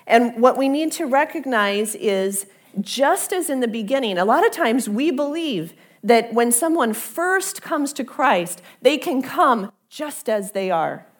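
A woman pastor preaching a sermon in a conversational, earnest way, dropping softly to a near-whisper when she repeats the invitation. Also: a little high, animated, measured pace.

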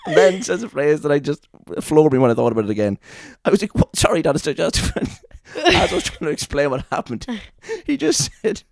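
A young Irish man co-hosting a casual chat podcast, telling animated stories with lots of swearing and laughter. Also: fairly high pitch, quick pace, creaky, hardly any pauses, no echo. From Ireland. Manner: animated storyteller, swears freely, laughs often. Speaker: podcast co-host.

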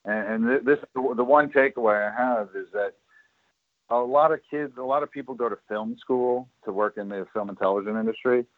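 A man's voice: mid-range voice, a little fast, no room sound. A man telling stories as an interview guest about his years working at a studio, rambling with many fillers and restarts. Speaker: guest, former studio worker. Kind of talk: casual storytelling interview. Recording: tinny phone-like line.

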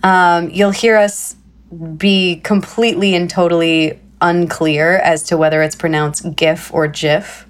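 A woman hosting a podcast, introducing a guest and chatting in a relaxed way with fillers. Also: fairly low pitch, a little slow. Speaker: podcast host. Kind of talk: conversational interview.

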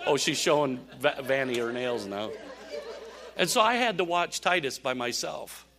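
An older man preaching a sermon, telling animated stories with laughs and asides. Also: mid-range voice, normal speed, a crowd in the background. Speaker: pastor.

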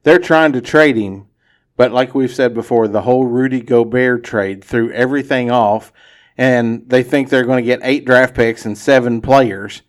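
A man's voice: mid-range voice, moderate pace. A man hosting a casual sports podcast, easygoing and opinionated, laughing often. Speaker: podcast host.

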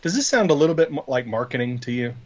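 A man's voice: mid-range voice, lively intonation, fast talker, a little mellow, dull audio. A man co-hosting a podcast in casual tech chat, rambling and explaining with many fillers and restarts. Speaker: podcast co-host.

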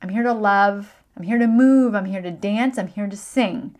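A woman's voice: medium pitch, moderate pace, few pauses, over music. A middle-aged woman hosting a solo podcast, talking in an emphatic, motivational way with repeated affirmations. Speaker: podcast host.

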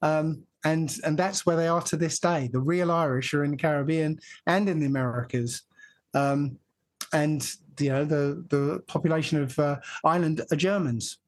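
A man's voice: fairly high pitch, fairly even intonation, normal speed. A man from England explaining a point at length in casual conversation, laughing now and then.

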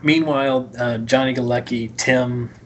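A man's voice: medium pitch, fairly even intonation, unhurried, muffled recording. A man co-hosting a podcast, casually recapping a movie and acting out lines from its scenes. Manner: rambling, retells scenes in quoted voices. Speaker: podcast co-host.

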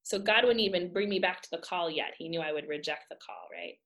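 A woman in her thirties from the United States, telling a personal faith story in a lively, emphatic way with frequent laughter. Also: on the low side, brisk. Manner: animated, laughing often, emphatic. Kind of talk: casual storytelling.

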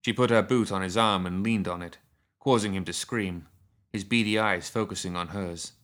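A man narrating a story with a low voice. His reading is steady and measured. He paces each sentence evenly.

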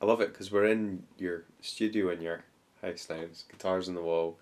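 A man with a low voice hosts a podcast. He chats in an upbeat way, laughs often and drops in many short yeahs. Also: steady tone, moderate pace. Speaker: podcast host. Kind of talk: casual interview chat. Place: guest's home studio.

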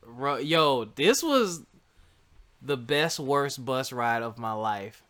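Bright, smooth-voiced man telling a story. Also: medium pitch, takes it slowly. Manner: animated, laughs often, talks to listeners as y'all. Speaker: co-host telling a couple's story. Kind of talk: casual storytelling chat.

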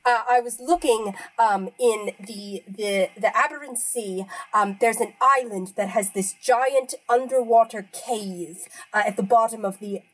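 A woman's voice: on the high side, unhurried, hardly any pauses, rough recording. A woman voicing a polite, nerdy male wizard scholar who speaks formally and hesitates often. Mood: earnest. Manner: hesitant, filler-heavy, formal. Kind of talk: in-character tabletop role-play.

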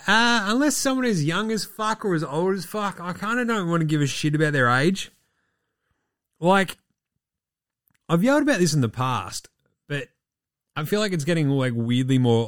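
Aussie guy ranting on his podcast, voice going hoarse, cursing a lot, dry sound. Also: mid-range voice, normal speed, long pauses, no room sound. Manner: animated, swearing, rambling. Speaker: podcast host. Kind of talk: casual basketball chat.

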